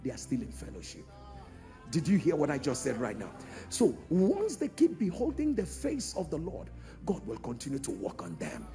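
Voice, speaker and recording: Pastor preaching with lively pitch. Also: male voice, normal speed, faint music behind. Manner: call-and-response preaching, swings from hushed to shouting. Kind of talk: preaching a sermon.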